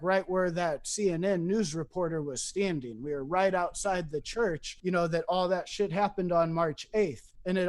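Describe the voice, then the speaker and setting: Man, podcast guest, high voice, loose storytelling, lots of fillers, swears. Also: darkish tone. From East Saint Louis. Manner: loose, profane, many fillers, acts out quotes. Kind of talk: casual storytelling.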